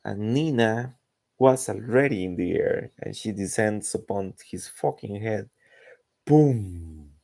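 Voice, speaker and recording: A man's voice: fairly low pitch, steady tone, unhurried, gravelly, darkish tone. A man chatting casually while drawing, rambling and searching for words. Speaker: artist narrating his drawing.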